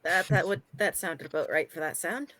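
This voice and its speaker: A woman's voice: lowish voice, moderate pace, crowd noise. A woman playing in a tabletop game, chatting casually with small restarts. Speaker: player.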